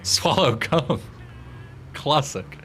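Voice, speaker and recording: A man's voice: on the high side, lively intonation, extremely slow, fairly bright tone, faint music behind. A young British man with a British accent, chatting casually while streaming a game, swearing often and laughing at himself. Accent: British English. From Britain. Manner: swearing, laughing at his own attempts at tongue twisters. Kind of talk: casual gaming stream chat.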